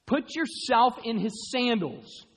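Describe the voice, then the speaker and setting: Male pastor, high and animated, sermon in a reverberant hall. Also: slow. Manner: animated, rising to loud emphatic bursts.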